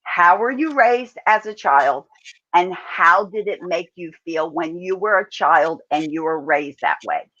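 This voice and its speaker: A woman parenting coach giving calm, measured advice as she answers viewers' questions in an online talk. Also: on the low side. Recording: dull lo-fi audio.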